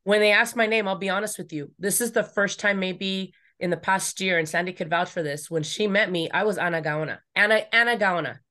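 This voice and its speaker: A woman's voice: medium pitch, fairly quick, hardly any pauses, pushed and bright. A woman guest on a podcast, speaking in an earnest, reflective way. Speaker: guest, travel co-founder. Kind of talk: casual chat.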